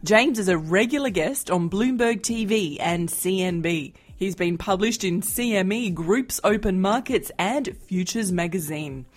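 A woman's voice: medium pitch, unhurried, hardly any pauses, faint music behind. A woman hosting a finance podcast, delivering a polished scripted introduction and asking interview questions. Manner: polished, lively presenter delivery. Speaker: podcast host and financial journalist.

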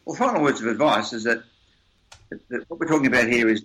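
A man's voice: medium pitch, fairly quick, fairly bright tone, rough recording. Older man telling emphatic stories. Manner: emphatic, repeats words while building a point. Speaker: interview guest, seminar presenter. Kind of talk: storytelling conversation.

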